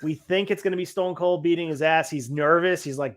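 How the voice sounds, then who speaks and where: A man's voice: a little high, a little fast. A man hosting a podcast, recapping events casually and restarting his sentences while laughing along. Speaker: podcast host. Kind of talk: casual chat.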